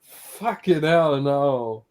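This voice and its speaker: A man with a German accent, a native German speaker, chatting on a livestream, careful and slow with his words and often laughing. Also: a little high, expressive, a little mellow. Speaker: stream co-host. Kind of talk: casual chat on a livestream.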